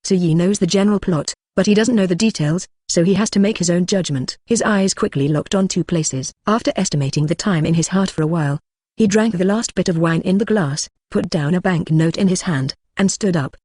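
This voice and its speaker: A text-to-speech narrator reading a translated web novel at an even, mid-pitched level. The sound is dry and close, with no room around it. The delivery stays flat throughout. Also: brisk, no echo. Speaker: audiobook narrator.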